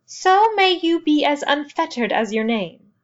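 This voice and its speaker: A woman's voice: high-pitched, sing-song, dull audio, voice pushed up. Woman voicing a solemn, fierce old woman elder. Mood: solemn blessing. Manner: slow, solemn intoning. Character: wise, fierce old woman elder who gives blessings.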